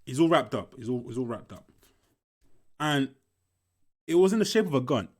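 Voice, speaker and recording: A man's voice: mid-range voice, expressive, normal speed, a little mellow. A young man, telling a school story casually while commenting on a film, swearing often and repeating himself. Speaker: movie reaction commentator.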